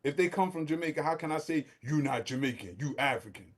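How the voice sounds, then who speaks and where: Chill guest guy backing up the host, kinda high voice. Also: animated, quick pace. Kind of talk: casual discussion.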